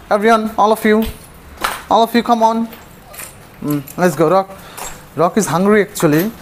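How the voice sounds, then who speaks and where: With loud street noise behind him, a high-voiced man sweet-talks stray dogs he's feeding on a city terrace and stairs for his vlog. He speaks at a normal speed with long pauses, using coaxing baby talk and laughing frequently.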